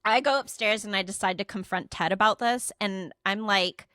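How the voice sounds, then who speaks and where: A young woman with a bright, forceful voice tells a story on a podcast, swearing freely and voicing each person's lines. The sound is close and dry. Her pitch sits at an ordinary middle height. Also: normal speed, no echo. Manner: profane, animated retelling with quoted dialogue. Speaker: podcast co-host. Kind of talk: casual storytelling chat.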